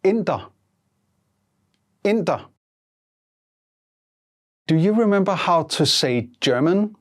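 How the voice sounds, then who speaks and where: A teacher giving a scripted language lesson, prompting in a measured way and repeating each answer twice. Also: mid-range voice, animated.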